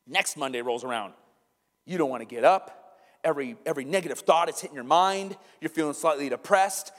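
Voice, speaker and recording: A man, preaching a sermon and telling a family story in an animated way, asking the congregation questions. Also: fairly high pitch, a little fast, long reverb tail. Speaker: pastor. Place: church sanctuary.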